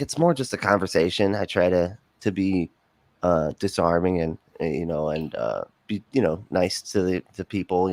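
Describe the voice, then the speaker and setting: A man talking casually as a podcast guest, rambling with many fillers and quick laughs. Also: deep voice, no room sound.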